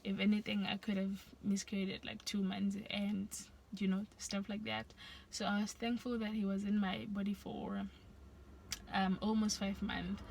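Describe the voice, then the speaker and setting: A young woman vlogger telling a personal story to camera, soft-spoken and halting, with many restarts and sighs. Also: medium pitch, noisy background.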